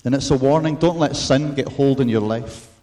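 A man preaching a sermon in an earnest, measured way, mixing in storytelling asides. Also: mid-range voice, dark tone.

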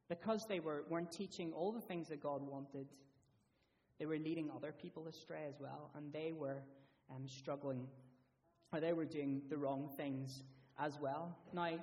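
A man giving a children's talk in church, asking the children lots of questions in a lively, friendly way. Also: fairly high pitch, distant mic.

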